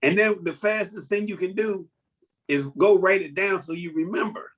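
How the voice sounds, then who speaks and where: A man, a comedian, chatting casually on a podcast and telling jokes as an animated storyteller who laughs at his own lines. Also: high-pitched, moderate pace, slightly rough. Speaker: comedian guest.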